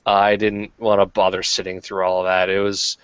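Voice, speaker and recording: A low-voiced man hosting a podcast, rambling in loose profane chat full of fillers. His sound is dry and close. The audio is dull and lo-fi. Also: completely flat delivery, a little fast, clear, resonant tone, dry recording. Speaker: podcast host. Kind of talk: casual chat.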